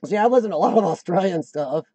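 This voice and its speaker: A rambling, joking American man chats on his live stream, his voice pitched high with a mellow, dark edge. The sound is dry and close, with no room echo. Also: expressive, fast. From United States. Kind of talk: casual live-stream chat.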